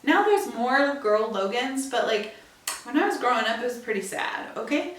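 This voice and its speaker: A young woman podcast host telling a story in a chatty, animated way, with emphatic asides. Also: a little high, normal speed. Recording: echoey room, distant from mic.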